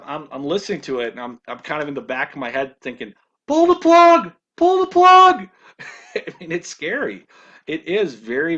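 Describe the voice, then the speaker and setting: A man presenting a ministry video in a casual monologue, halting often with restarts and repeated words. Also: mid-range voice, a bit bright, lo-fi sound.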